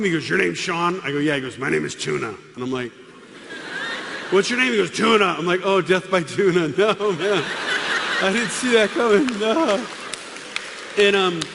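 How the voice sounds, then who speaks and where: A middle-aged man tells a comic story to a live audience, acting out every character with changing voices. His voice sits a little high for a man and carries a long reverb from a large hall. A faint hum of room noise runs underneath. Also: gravelly. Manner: animated, acts out dialogue with voices. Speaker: speaker giving a testimony.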